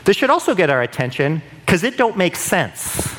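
Animated preacher, man with lively pitch. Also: normal speed. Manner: animated, acts out prayers in a raised pleading voice; conversational, keeps asking "right?". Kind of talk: sermon.

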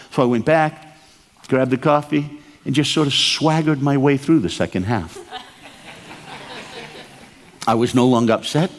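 An older man from Maine preaching a storytelling sermon, animated and acting out the dialogue. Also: normal speed, long pauses. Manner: animated, acts out dialogue with big pitch swings.

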